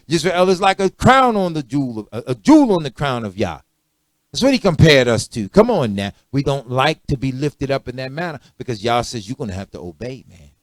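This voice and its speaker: A man preaching a sermon, swinging from quiet conversational asides to loud, emphatic declarations and checking that listeners follow. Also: mid-range voice, dry recording.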